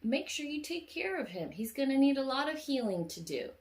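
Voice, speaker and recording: A woman voicing a kindly Mrs. Santa Claus, gentle and sweet, reading her note to a child. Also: sits high, very animated, fairly quick, pitched above the performer's own voice.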